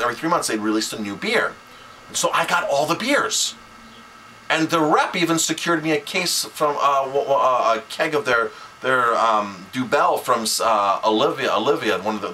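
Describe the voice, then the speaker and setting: A chef and restaurant owner talking straight to camera, animated and exasperated, often restarting his sentences. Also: fairly high pitch, a little hiss or hum, poor audio. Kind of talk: casual to-camera rant.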